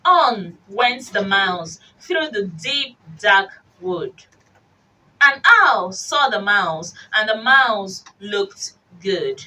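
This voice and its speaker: Animated woman reading stories aloud. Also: medium pitch. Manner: animated, expressive, slow storytelling. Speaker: children's radio host. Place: radio studio with children. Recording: distant mic with faint hiss.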